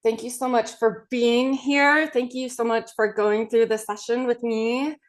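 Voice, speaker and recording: Woman, podcast host and coach, calm self-guided tapping, repeated affirmations, hesitant fillers. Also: fairly high pitch. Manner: gentle, repeats affirmations slowly with many ums.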